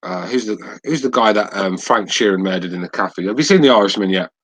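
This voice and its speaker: A man hosting a podcast, telling stories in a halting way with many restarts. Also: fairly low pitch, fairly bright tone, breathy edge, low-quality recording. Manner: halting, full of fillers and restarts. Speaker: podcast host. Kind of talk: casual chat, storytelling.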